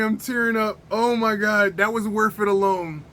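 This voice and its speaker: A man hosting a casual movie review, talking in excited slang and often breaking into laughter. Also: high-pitched, normal speed.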